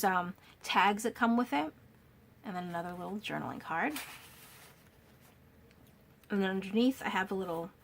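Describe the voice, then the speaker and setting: Gushing woman showing off a handmade journal. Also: medium pitch. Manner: gushing, admiring, with fillers and restarts. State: slightly losing her voice. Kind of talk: casual show-and-tell walkthrough.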